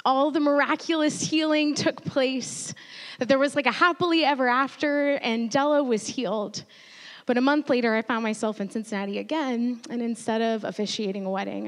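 Earnest woman preaching in an echoing hall. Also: fairly high pitch. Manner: earnest storytelling, turning quiet and emotional. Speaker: pastor. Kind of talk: sermon. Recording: long reverb of a large hall.

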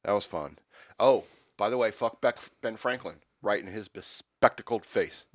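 A man on a comedy podcast telling an absurd made-up story in a deadpan, rambling way, breaking into loud rants. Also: on the low side, moderate pace, no room sound, studio quality.

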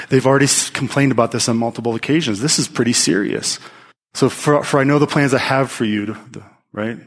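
A man preaching a sermon to a live congregation, speaking in an animated, emphatic way with frequent restarts. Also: medium pitch, creaky. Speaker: pastor teaching.

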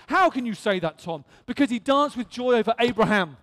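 A middle-aged man preaching a fervent sermon, dropping to a hush and then rising to shouts. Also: very high voice, expressive, a little fast. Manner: swings from hushed to shouting, fervent. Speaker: pastor. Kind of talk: impassioned sermon. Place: church hall. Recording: long reverb of a large hall.

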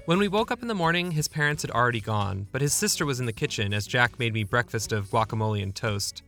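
A man's voice: medium pitch, animated, fast talker, bright, forceful tone, faint music behind. A young man narrating his own memoir in a wry, self-deprecating, conversational way. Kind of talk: memoir storytelling.

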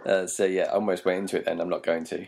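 A man's voice: sits low, little pitch movement, very fast, vocal fry, darkish tone. A man from Britain co-hosting a film podcast, hesitant and laughing often as he talks. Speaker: podcast co-host. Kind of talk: casual chat.

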